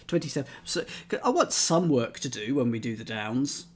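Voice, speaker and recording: A man's voice: medium pitch, animated, moderate pace. A man streaming, thinking aloud as he solves a crossword and chats with his live chat, methodically trying out letters and words.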